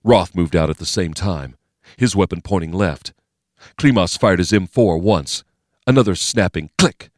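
A man with a very deep, low voice reads a thriller as an audiobook narrator. His delivery is steady, measured and dramatic. The close mic gives a dry, intimate sound with no room. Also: no room sound.

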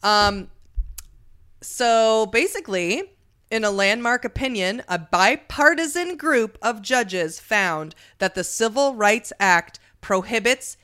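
A woman's voice: a little high, slow pace, sharp tone, clean tone. A woman co-hosting a comedy podcast, explaining the news in a rambling, giggly way and often losing her train of thought. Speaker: podcast co-host. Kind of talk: casual comedic chat.

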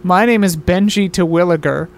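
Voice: mid-range voice, moderate pace. A player chatting loosely and laughing often while sorting out characters for a tabletop game. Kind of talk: casual chat setting up a tabletop game.

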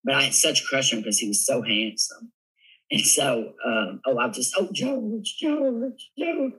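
Guest: older Southern man, bright and husky tone, animated storyteller. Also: mid-range voice, moderate pace, rough recording. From Southern United States. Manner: lively storyteller, animated, laughs often. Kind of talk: casual storytelling interview.

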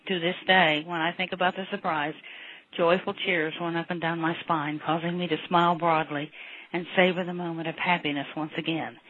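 A woman reading her own story aloud in a warm, reflective way. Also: fairly low pitch, flat delivery, moderate pace, dry recording. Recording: narrow phone-like sound with faint noise.

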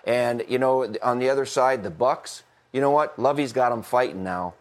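A man's voice: mid-range voice, moderate pace. A middle-aged former football coach chatting on a podcast, talkative, laughing often and restarting his sentences. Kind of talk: casual podcast chat.

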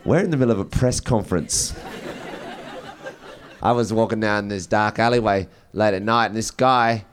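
Man doing deadpan stand-up. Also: on the low side, normal speed, slight background noise. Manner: deadpan one-liners, laughing at his own jokes. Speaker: stand-up comedian. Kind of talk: stand-up comedy set. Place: comedy stage before a live audience.

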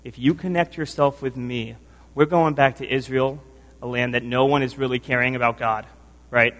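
Steady in tone and medium in pitch, slightly bright, this man preaches at a moderate pace in a church hall with long reverb. Earnest and emotional yet a little sleep-deprived, he keeps restarting phrases and asking "right?".

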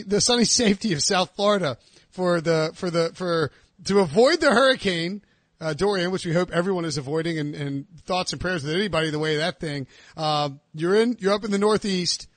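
A man's voice: high-pitched, moderate pace, fairly bright tone, no echo. A man hosting a casual fantasy football podcast, chatty and joking, with a lot of fillers and restarts. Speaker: podcast host. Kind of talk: casual sports podcast chat. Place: southern US.

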